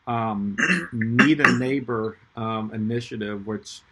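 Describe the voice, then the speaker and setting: Man, pastor, live-stream host, medium pitch, casual chat, upbeat, frequent laughs, filler words. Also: slow, very noisy.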